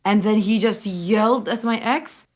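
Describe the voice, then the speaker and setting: A woman with a medium-pitched voice chats as a podcast guest. She tells personal stories in a casual, giggly way. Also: unhurried. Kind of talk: casual chat.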